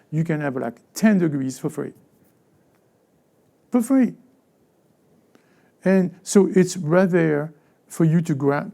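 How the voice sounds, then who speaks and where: A lead pastor delivers a conversational sermon in a slightly high, gravelly, dark-toned voice. He often stammers, restarts, and repeats words, and he acts out everyday voices as he preaches.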